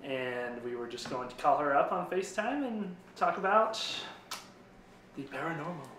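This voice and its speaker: A man's voice: fairly high pitch, animated, moderate pace, a bit bright, recorded from a distance, slight background noise. A man co-hosting in casual chat. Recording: echoey room, off-mic.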